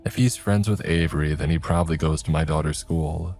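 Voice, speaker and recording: A man telling a scripted first-person horror story, grave and steady, with stern lines of dialogue. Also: extremely low pitch, a little fast, hardly any pauses, faint music behind.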